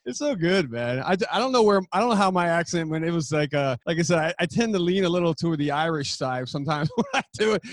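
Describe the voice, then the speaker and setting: A man's voice: fairly high pitch, animated, fast talker, hardly any pauses, no echo. A man from Arizona, a podcast guest in casual chat, talking in a laid-back, rambling way. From Phoenix, Arizona.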